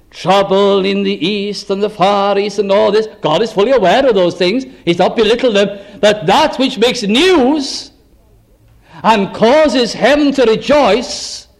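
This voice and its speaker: Guy preaching, pretty high voice, swoops up and down, asks the crowd questions all the time. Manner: emphatic, full of rhetorical questions, swooping between high and low. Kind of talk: evangelistic sermon.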